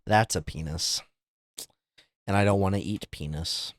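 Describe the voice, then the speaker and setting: A young man streaming live, chatting casually with viewers and reacting to things with loud, incredulous, profane outbursts. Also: low-pitched, a little slow, no echo, studio quality. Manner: incredulous, swearing, exaggerated reactions.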